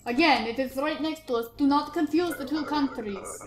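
A bossy border inspector barking orders in a vague made-up foreign accent, as a woman puts her on. The voice sits a little high, and it rings in an echoey room with a faint hiss underneath. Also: moderate pace, natural voice. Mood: stern. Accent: vague put-on foreign accent. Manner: curt, commanding, dismissive. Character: stern female border inspector, curt and bossy.

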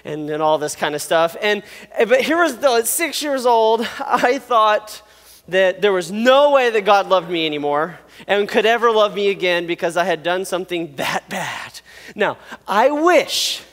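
High-voiced man preaching in a hall. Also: measured pace. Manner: animated, self-deprecating, laughs often. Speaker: pastor. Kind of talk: sermon with personal storytelling. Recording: long reverb of a large hall.

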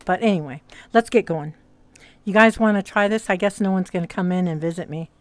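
A woman streamer and hypnotist with a hard-to-place mixed accent rambles and chats casually in a virtual reality social world, swearing a bit. Her voice is fairly low and brisk, in a dry recording.

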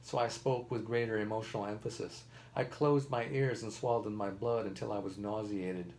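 A man reading a novel aloud, first-person narration told in a measured, steady way. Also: on the low side, slight background noise, low-quality recording. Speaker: reader.

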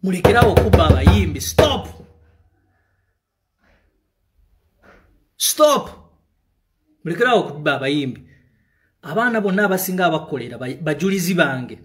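A man from Uganda with a Ugandan accent, a musician in a heated, profane rant, switching between English and Luganda. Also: high voice. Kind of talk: angry direct-to-camera rant.

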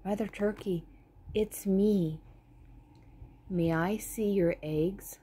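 A woman's voice: medium pitch, fairly even intonation, takes it slowly, dark tone, breathy edge. A woman voicing a curious, earnest pointer dog who tells the storybook. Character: eager young pointer dog.

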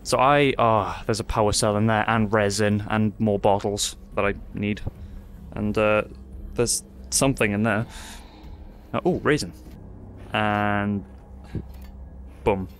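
A man's voice: on the low side, steady tone, slow pace, long pauses, a little hiss or hum. A man commentating his own play of a game, nervous and profane, yelping and muttering to himself. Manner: jittery, swearing, yelps in panic. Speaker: gaming YouTuber. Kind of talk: live let's-play commentary.

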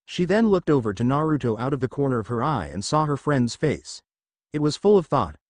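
A man narrating a fan fiction story aloud, his pitch rising and falling in animated storytelling. The recording is close and dry, with no room sound. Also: brisk, no room sound.

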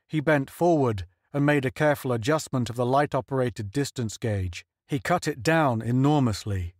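A man's voice: medium pitch, no echo. Male audiobook narrator, dry close sound. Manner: measured storytelling. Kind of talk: scripted narration.

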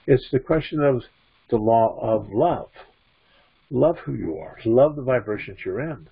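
A man's voice: medium pitch, animated, a little slow, creaky, husky. A man teaching spirituality to an audience, repeating his phrases and asking the listeners questions. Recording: dull lo-fi recording.

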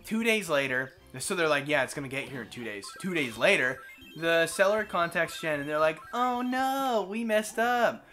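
A man hosting a gaming video, telling a long story in a casual, animated way, acting out quotes and swearing freely. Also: a little high, a little fast, soft background music. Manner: animated, profane storyteller who acts out quotes. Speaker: let's play host.

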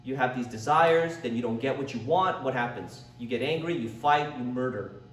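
A man's voice: mid-range voice, moderate pace. A man teaching a church Bible lesson in a conversational way, sometimes acting out the people he quotes. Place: church classroom. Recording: echoey room, picked up from a distance.

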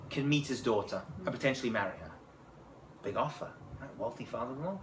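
A man who is a rabbi teaching a class, telling a story in an animated way, with joking asides and frequent "right?" to his audience. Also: medium pitch, quick pace. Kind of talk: lively storytelling lecture. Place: class room with a live audience. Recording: echoey room with background noise.

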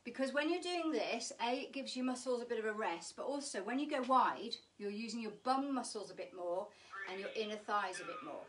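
A woman's voice: on the high side, expressive, a little fast, hardly any pauses, recorded from a distance, a little hiss or hum. A woman teaching a live online fitness class, chatty and encouraging, joking as she works out and slightly out of breath. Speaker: pilates instructor.

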